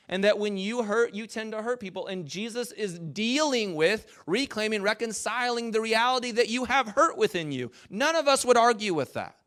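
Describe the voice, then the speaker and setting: A man giving a conversational sermon as a pastor, animated and jokey, talking with his congregation. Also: high-pitched.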